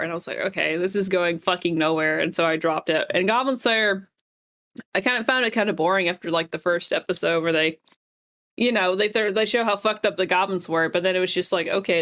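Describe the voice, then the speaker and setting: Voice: mid-range voice, sharp tone. A podcast co-host chatting casually in a laid-back way, laughing often and swearing casually.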